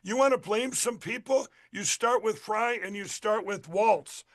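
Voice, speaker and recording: A middle-aged man from Minnesota with a high voice for a man, a candidate guest on a radio interview. He rambles and pushes his points hard, restarting sentences again and again as he builds momentum. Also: a little slow. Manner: rambling, emphatic, many restarts.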